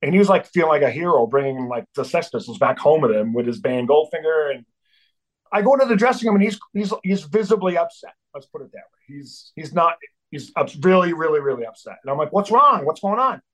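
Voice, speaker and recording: A middle-aged man who drums in a band tells a wild tour story as a guest, swearing freely and acting out the voices of the people involved. His voice is on the high side with lively intonation and a quick pace, captured on a low-quality recording.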